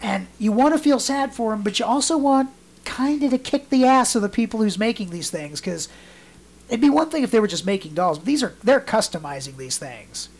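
A man's voice: sits high, lively intonation, fairly quick. A man co-hosting a casual podcast, telling rambling stories in a loose, chatty way. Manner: rambling storyteller, acts out quotes in mock voices. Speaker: podcast co-host.

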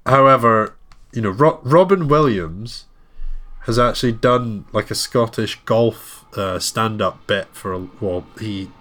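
A man's voice: fairly low pitch, unhurried, a bit bright. A man co-hosting a casual film review chat, talking freely with frequent laughs and ums. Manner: chatty, laughs often, many ums. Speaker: podcast co-host.

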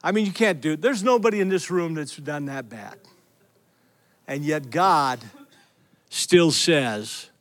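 A man's voice: fairly high pitch, unhurried, long pauses. A middle-aged male pastor preaching a sermon, telling stories with energy and calling out to the congregation. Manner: energetic storytelling, calls out to the congregation.

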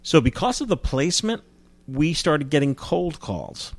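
A man's voice: a little high, very animated, measured pace, no echo. A man from New Jersey telling stories as an interview guest, chatty, with frequent restarts. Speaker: guest, film distributor. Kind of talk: casual interview storytelling.

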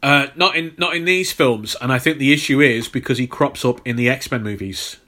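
A man's voice: mid-range voice, moderate pace, sharp tone. A man co-hosting a podcast in casual chat, rambling with lots of fillers and repeated words. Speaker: podcast co-host.

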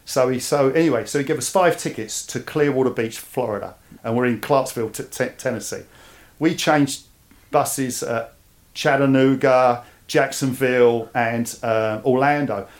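Man, Cockney accent, interview guest, animated storytelling, repeats words. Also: medium pitch, moderate pace. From East London, England. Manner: animated, repeats words when starting a thought. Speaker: guest, army veteran.

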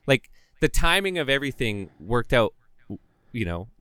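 A man's voice: medium pitch, sing-song, normal speed, pushed and bright, clean tone, no room sound. A man in his thirties in casual chat, laid-back and jokey, swearing casually.

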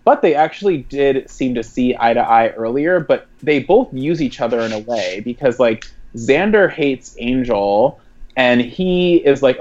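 A man co-hosting a podcast, talking casually and in a rambling, animated way about a TV episode, with quick asides. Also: medium pitch, muffled recording. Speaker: podcast co-host.

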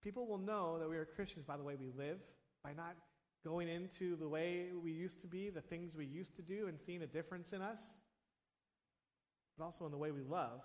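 High-voiced man preaching in a reverberant hall. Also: brisk. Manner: conversational, animated preaching with asides and acted quotes. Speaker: pastor. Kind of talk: sermon. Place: church sanctuary.

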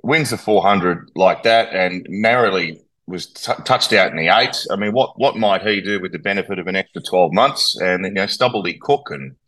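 Deep-voiced Australian man, chatty. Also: normal speed, fairly bright tone, poor audio. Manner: chatty, enthusiastic, many restarts. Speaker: sports commentator guest. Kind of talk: casual podcast chat.

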